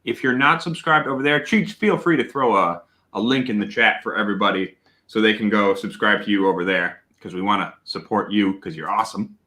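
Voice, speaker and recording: A man hosting a casual whiskey tasting livestream, talking loudly, greeting viewers and laughing often. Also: lowish voice, fairly quick. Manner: loud and animated, laughs often. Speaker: host of a whiskey tasting stream.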